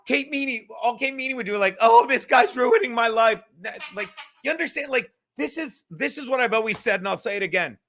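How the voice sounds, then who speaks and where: A man hosting a casual livestream podcast, talking in a rambling, animated way full of swearing. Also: very high voice, quick pace, hardly any pauses. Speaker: podcast host.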